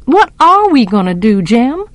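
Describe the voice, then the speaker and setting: A woman's voice: on the high side, big pitch swings, unhurried, no room sound. A woman voicing a curious, blunt little girl in a storybook reading, full of questions.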